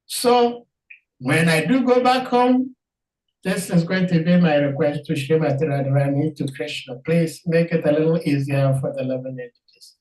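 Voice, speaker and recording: Slow, earnest participant, distant mic, roomy echo on call audio. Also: medium pitch, a little mellow. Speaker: participant and moderator. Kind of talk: reflective casual talk.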